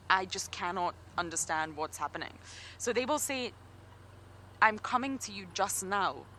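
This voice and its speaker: A Scottish woman with a medium-pitched, pushed, bright voice gives live game drive commentary from an open game vehicle outdoors. A safari guide, she is chatty and good-humoured, with a little hiss or hum on the recording.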